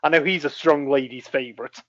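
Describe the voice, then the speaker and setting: A man's voice: on the high side, steady tone, fairly quick, a bit bright, no room sound. Easygoing British man, dry lo-fi sound. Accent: British English. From United Kingdom. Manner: easygoing, repeats words as he starts. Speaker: podcast co-host. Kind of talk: casual chat. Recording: dry, slightly dull lo-fi audio.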